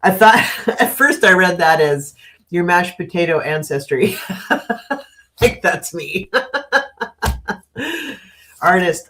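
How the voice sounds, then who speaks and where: Slow-talking chatty woman streamer. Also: lowish voice, a bit bright. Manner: chatty, laughs often, reads out viewer comments; frank and opinionated on current events. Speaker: live-stream host. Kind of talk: casual live-stream chat.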